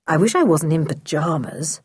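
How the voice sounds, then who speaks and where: A woman voicing a fussy middle-aged father who speaks in a slow, measured way. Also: low-pitched, expressive, husky, no echo, clean studio sound, pitched below the performer's own voice, full character voice.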